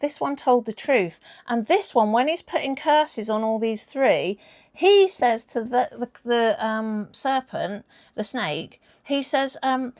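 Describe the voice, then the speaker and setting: A woman's voice: sits high, animated, unhurried, darkish tone. A woman talking casually to camera, chatty and emphatic, rambling into asides. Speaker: video host.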